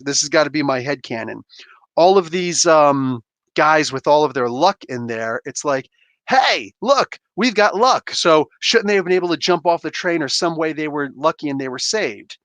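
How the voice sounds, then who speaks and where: A man talking casually on a live stream, chatty, laughing often and acting out quotes in higher voices. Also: a bit bright, dry recording. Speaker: comic book reviewer.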